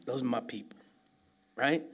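A man's voice: medium pitch, normal speed, slightly rough. A middle-aged man from New York City, preaching a sermon full of humorous stories, laughing often and asking "right?" again and again. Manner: animated, laughs often, asks "right?" constantly. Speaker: pastor.

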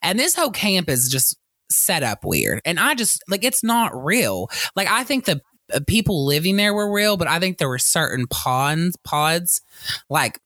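A man with a Kentucky accent co-hosts a casual movie podcast, retelling scenes with lively energy and jumping into the characters' lines. His voice is bright and forward, recorded dry and close with almost no room sound. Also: high voice, unhurried, no echo. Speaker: podcast co-host. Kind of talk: casual movie review chat.

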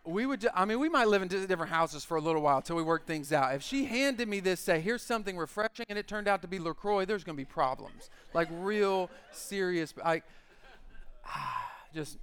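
A man's voice: fairly high pitch, a little hiss or hum. A male pastor giving a casual, joking sermon and acting out little quotes as he talks. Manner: animated, joking storyteller who acts out quotes. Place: church.

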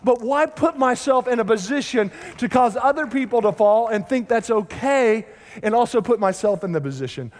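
A man's voice: very high voice, animated, moderate pace. A middle-aged man preaching a sermon as pastor, emphatic and acting out quoted voices. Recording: long hall reverb.

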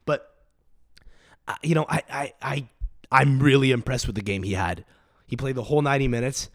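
A male podcast host with a mid-range voice rants solo at a moderate pace, sick and coughing. His rant is rambling, profane, and emphatic. The studio sound is clean, with no room sound.

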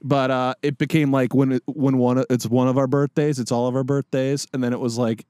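A man's voice: medium pitch, flat delivery, a little fast, warm tone, clear, resonant tone, no room sound, clean studio sound. A man on a comedy podcast telling casual stories, laid-back and full of fillers.

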